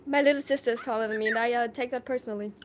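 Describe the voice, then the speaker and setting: A woman's voice: a little high, fairly even intonation, very fast, background noise. A woman from Germany, a live streamer chatting casually, reading viewer comments aloud and laughing often.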